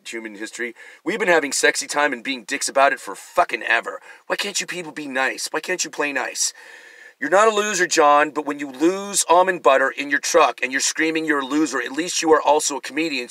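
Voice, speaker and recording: A man's voice: a little high, bright, forceful tone, dry recording. A middle-aged male comedian giving a rambling, profane, self-mocking monologue.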